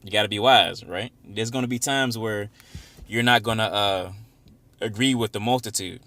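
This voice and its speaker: A man leading an informal Bible study, reading verses slowly and with emphasis, then explaining them in casual, conversational talk. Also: fairly low pitch, pushed and bright. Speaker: Bible teacher.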